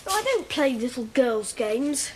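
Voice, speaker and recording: A woman's voice: high voice, sing-song, measured pace, heavy background noise. An actress playing a stubborn, sulky eleven-year-old boy in a television drama, speaking bluntly. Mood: grumbling.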